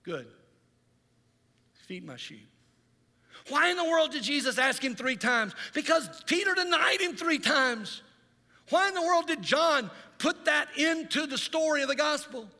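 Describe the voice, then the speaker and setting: Guy pastor preaching in church, acts out the stories, bright ringing voice, long echo. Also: very high voice, moderate pace. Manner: animated storytelling, dramatizes scenes. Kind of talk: sermon. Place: church sanctuary.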